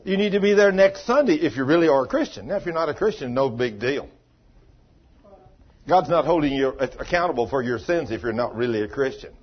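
A man's voice: mid-range voice, lively intonation, brisk, slightly rough, muffled recording. A man preaching a sermon, telling stories and acting out the voices of the people in them. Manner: folksy storytelling preacher, acts out dialogue. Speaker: pastor. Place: small church.

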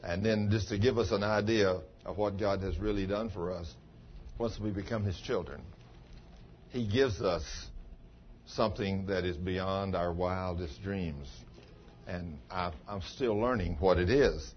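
A man's voice: deep voice, unhurried. A man preaching a chatty, folksy sermon and teasing members of the congregation by name. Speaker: pastor. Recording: dull sound with faint background noise.

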